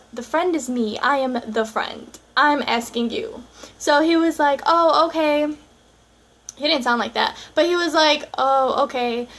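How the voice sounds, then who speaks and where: A woman's voice: on the high side, a bit bright, slight background noise. A young woman vlogger telling a personal story in a casual, chatty way, full of "like" and acted-out dialogue.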